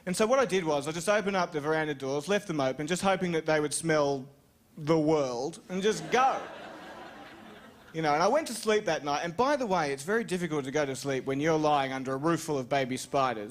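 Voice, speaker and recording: A young Australian man telling a rambling, self-mocking story on stage as a stand-up comedian. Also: brisk. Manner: rambling, self-mocking storytelling with sudden high-pitched jumps.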